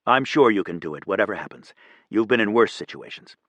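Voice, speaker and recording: A man playing a seasoned old Navy pilot who reassures his captain in a soft, low voice. Dry, close audiobook reading. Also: expressive, brisk, dry recording, highs cut off. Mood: reassuring. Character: older male senior pilot, ex-Navy, reassuring.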